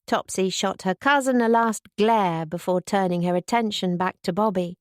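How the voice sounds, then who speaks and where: A woman's voice: mid-range voice, moderate pace, hardly any pauses, dry recording. Woman narrating a storybook, dry and close. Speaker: audiobook narrator. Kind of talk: scripted narration.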